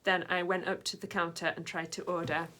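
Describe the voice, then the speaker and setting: A woman's voice: fairly low pitch, flat delivery, brisk, sharp tone. A woman vlogging in a casual, rambling way, full of fillers and side tangents. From Britain. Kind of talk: casual chat to camera.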